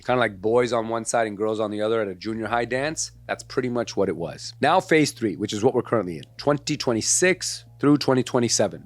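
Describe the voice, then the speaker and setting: A man's voice: medium pitch, no echo. Confident man giving mortgage advice. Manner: confident, advisory, addresses viewers as guys. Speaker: mortgage advisor. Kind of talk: scripted explainer to camera.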